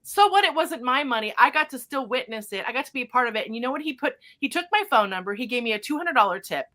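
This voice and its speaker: Bright-voiced animated woman storyteller. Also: sits high, fast talker. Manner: spiritual vocabulary. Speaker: podcast host and psychic medium. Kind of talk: casual storytelling chat.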